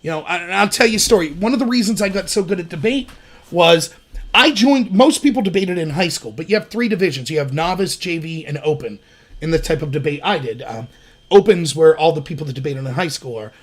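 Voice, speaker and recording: A man's voice: fairly high pitch, fairly quick. A man from Pennsylvania hosting his own livestream, telling stories in a casual, digressive way. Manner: storytelling, chatty, digressive. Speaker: livestream host.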